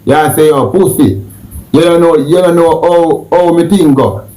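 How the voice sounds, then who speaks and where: A man mediating a heated argument, calming people down and pressing for answers. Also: on the high side, normal speed, reverberant, slight background noise, rough recording.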